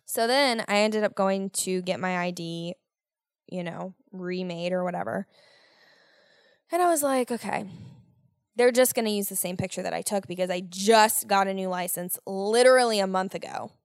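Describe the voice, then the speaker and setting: A young American woman hosting a podcast, telling a story in a casual, animated way with lots of swearing and exasperated ranting. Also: medium pitch, normal speed, clean tone, no echo, studio quality. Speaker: podcast host.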